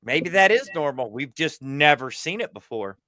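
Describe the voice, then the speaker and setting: A man rambling through a casual chat, slightly higher-pitched than most men. He swears freely and drifts between ideas. The recording is close and dry, with no room sound. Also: sing-song, normal speed, pushed and bright, no room sound. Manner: rambling, profane, puts on goofy alien voices mid-story. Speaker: stream host.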